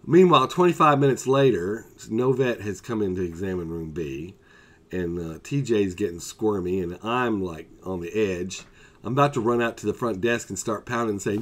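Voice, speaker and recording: A man's voice: fairly low pitch, normal speed. A man telling a personal story in a casual vlog, rambling, with fillers and asides.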